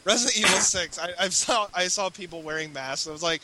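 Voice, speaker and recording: A man's voice: high voice, fairly quick, heavy background noise. A man co-hosting a podcast, chatting casually in a rambling, self-correcting way. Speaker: podcast co-host. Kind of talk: casual chat.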